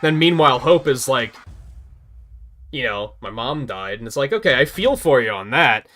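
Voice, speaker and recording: Male streamer, bright sharp voice, profane animated game chat, faint music behind. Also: mid-range voice, moderate pace. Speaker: livestream host. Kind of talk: casual chat while gaming.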